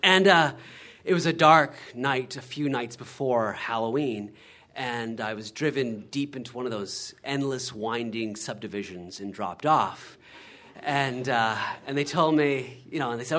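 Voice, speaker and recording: Middle-aged male storyteller, comic and animated, swooping pitch, does the characters' voices himself. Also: normal speed. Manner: animated, acts out quoted voices, frequent "right?".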